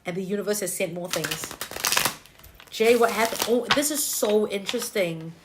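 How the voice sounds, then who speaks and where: Over a very noisy background, a tarot reader speaks in a mid-range voice at a moderate pace. She talks to her livestream audience in a blunt, gossipy way, dropping "lah" and "leh" throughout.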